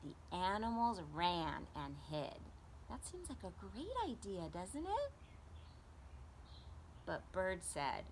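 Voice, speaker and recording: A woman's voice: medium pitch, slow, a little hiss or hum. A young adult woman, a preschool teacher, reading a story aloud to children and asking them questions. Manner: animated, asks children questions.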